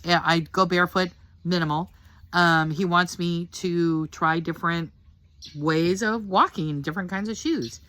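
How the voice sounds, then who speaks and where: A woman's voice: fairly low pitch, a little slow, fairly bright tone. An older woman giving a casual personal testimony about her faith, talking in an earnest, heartfelt, rambling way. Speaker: Christian testimony speaker.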